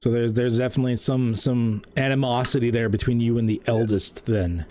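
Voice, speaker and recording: A man's voice: mid-range voice, steady tone, a little fast, a little mellow, soft background music. Rambling game master man from Canada. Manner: rambling, with many fillers and restarts. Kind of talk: narrating a tabletop game.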